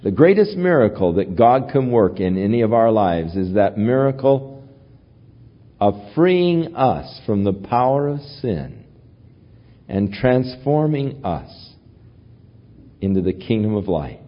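Male pastor, sermon, very slow, dull lo-fi sound. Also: fairly low pitch, sing-song. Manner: measured Bible teaching, acting out quotes. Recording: dull lo-fi recording.

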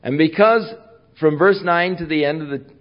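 A man's voice: a little high, normal speed. Man preaching on a dull recording. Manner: conversational, repeats himself, retells scenes. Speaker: pastor. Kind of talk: sermon.

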